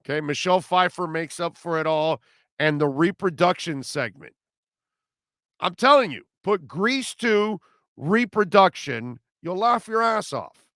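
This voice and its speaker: A man's voice: sits high, expressive, measured pace, a bit bright, no echo, studio quality. A man hosting a sports radio show, rambling and joking loosely about old movies. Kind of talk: casual sports talk.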